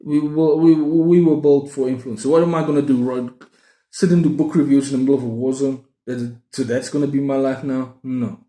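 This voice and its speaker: This South African man in his thirties vlogs casually about a book haul in a medium-pitched, dark voice with fairly even intonation, speaking fairly quickly. He wanders off topic, teases himself, and restarts often; the recording sounds roomy and echoey.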